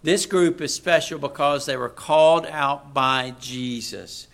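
A man preaching a sermon, moving from quiet asides to loud, emphatic readings of scripture. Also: fairly high pitch, measured pace.

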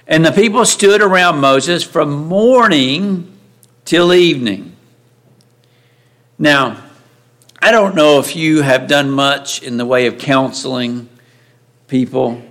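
A man's voice: on the high side, fairly bright tone. A man preaching a sermon in a conversational way, often asking his listeners rhetorical questions.

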